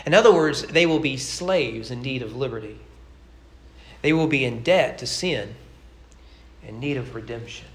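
A man pastor preaching a sermon with rhythmic, emphatic delivery and dramatic pauses. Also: mid-range voice. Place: church sanctuary. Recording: roomy church sanctuary.

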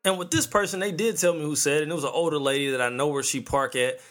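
A man's voice: a little high, steady tone, fast, a bit bright. A man in his thirties hosting a podcast, ranting casually in a profane, slangy storytelling way. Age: 30s. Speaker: podcast host.

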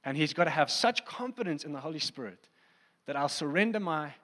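Animated preacher man in a reverberant hall. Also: a little high, a little fast. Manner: animated and conversational, acting out scenes. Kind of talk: sermon.

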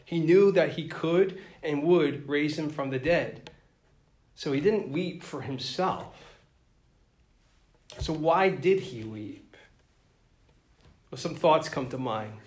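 A man's voice: fairly high pitch, slow pace, long pauses, reverberant. A man reading a gospel passage aloud and then preaching an earnest, reflective homily. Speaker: priest or deacon.

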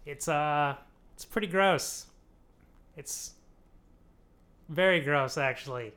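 A young man recapping a show on a comedy podcast in a loose, rambling way. He laughs often and drops into quick voices for the characters. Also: on the high side, sharp tone. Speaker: podcast host explaining a TV show.

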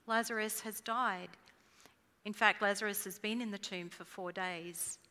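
A woman preaching a sermon in an earnest, measured way, dropping her voice at solemn lines. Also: medium pitch, fairly even intonation, bright, forceful tone, big-room sound.

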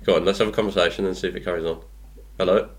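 A man's voice: low voice, steady tone, slight background noise. A man with a joking, laugh-prone manner, hosting a casual podcast chat and running quiz games. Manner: laughs often, joking and quick.

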